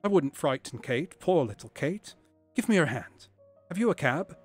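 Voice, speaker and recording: A man's voice: on the high side, very animated, moderate pace, slightly rough. A man voicing a drug-dazed, frantic young man who talks in a shaky, pleading way, over faint background music.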